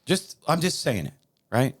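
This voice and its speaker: A man's voice: mid-range voice, sing-song, measured pace, breathy edge. Heated Midwestern man preaching. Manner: emphatic, repetitive, heated. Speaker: podcast host. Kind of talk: fiery preaching talk.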